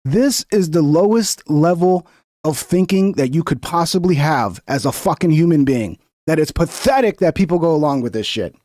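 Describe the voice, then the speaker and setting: Host type: high-voiced man, profane and sarcastic, dry close sound. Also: animated, normal speed, a little mellow, dry recording. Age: 30s or older. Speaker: reaction show host. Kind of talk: profane political reaction commentary.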